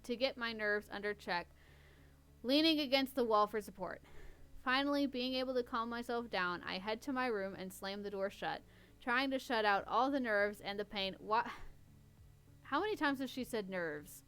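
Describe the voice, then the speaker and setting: A woman's voice: on the high side, normal speed, fairly bright tone, clean tone. A woman podcast host reading a story aloud in a casual way, stopping to poke fun at the writing. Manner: wry, stops to mock the writing. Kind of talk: casual reading with running commentary.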